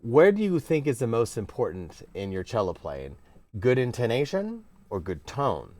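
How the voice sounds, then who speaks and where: A man gives a casual cello lesson, his pitch swinging widely as he stresses each point. He teaches playfully and emphatically, with sudden exclamations. The sound is close and dry, with no room around it. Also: huge pitch swings, normal speed, darkish tone, dry recording. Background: cello playing.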